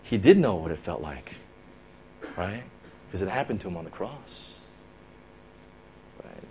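A man preaching a sermon, asking "right?" often and swinging from loud, emphatic lines to hushed, intimate ones. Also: sits low, a little slow. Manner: animated, rises loud then drops to near whispers, frequent "right?".

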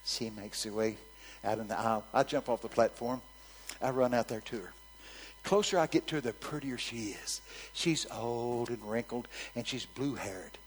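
A man preaching a storytelling sermon, swinging from hushed asides to loud, shouted quotes. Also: medium pitch, moderate pace, slightly rough, in a large hall, low-quality recording.

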